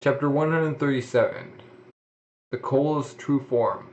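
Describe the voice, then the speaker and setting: A man's voice: mid-range voice, darkish tone, slight background noise, low-quality recording. A man reading a manga aloud, voicing the sound effects and often restarting his sentences. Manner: halting reading with frequent restarts. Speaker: manga reader.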